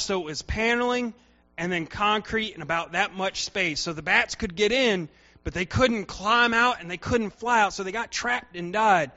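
A male preacher tells a story during his sermon, acting out the people in it with animated energy. His voice sits high and bright, and he takes his time with the words. The recording is dull and lo-fi.

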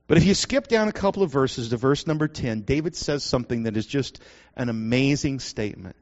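A man preaching a sermon, swinging dramatically between hushed and loud. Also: mid-range voice, lively intonation, a little fast. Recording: lo-fi muffled recording.

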